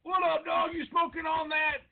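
A man's voice: very high-pitched, completely flat delivery, moderate pace, vocal fry. A man voicing a crude, teasing stoner puppet that ribs its co-host in mocking banter. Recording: tinny lo-fi podcast audio.

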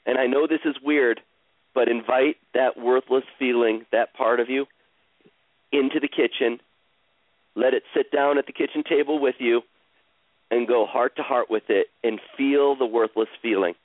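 A man guides a caller through a live coaching session, speaking slowly and soothingly and repeating his phrases. His voice comes through a thin, tinny, phone-like line. The sound is dry and close. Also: medium pitch, steady tone, dry recording. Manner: slow, soothing, repetitive guidance.

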